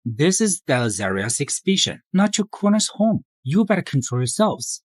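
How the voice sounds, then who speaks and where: A man's voice: a little high, very animated, normal speed. An actor playing a hostile middle-aged father who talks in a threatening, scornful way in a short drama.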